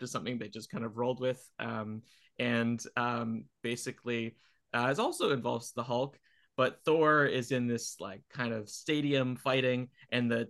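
A man's voice: medium pitch, bright, forceful tone. A man co-hosting a podcast in casual chat, hesitant with many fillers and frequent laughs. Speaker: podcast co-host.

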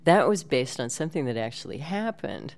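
A woman, a voice actress and guest, telling stories in a relaxed interview chat and laughing often. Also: very deep voice, a little fast. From United States. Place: home studio.

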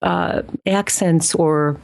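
Woman, low-ish voice, from Chicago area, voice actress guest, rambling casual talk. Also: fairly even intonation, very slow, vocal fry, a little mellow. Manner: rambling, many fillers and restarts, laughs easily. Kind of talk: casual interview chat.

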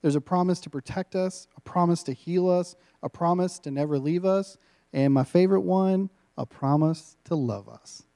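Warm-voiced joking man preaching. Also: high voice, normal speed. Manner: joking, laughs often between lines; informal and self-mocking. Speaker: guest preacher. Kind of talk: sermon.

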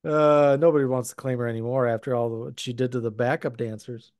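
A man's voice: mid-range voice, fairly even intonation, quick pace, a little mellow. A man from the United States hosting a podcast, chatting casually and laughing often. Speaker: podcast host. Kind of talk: casual chat.

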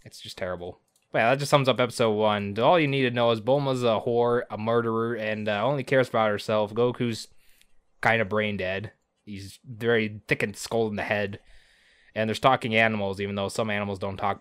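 A man's voice: lowish voice, steady tone, a little fast, clean tone, no room sound. A man co-hosting a podcast, recapping an episode in a profane, sarcastic, rambling way. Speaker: podcast co-host. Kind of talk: casual recap chat.

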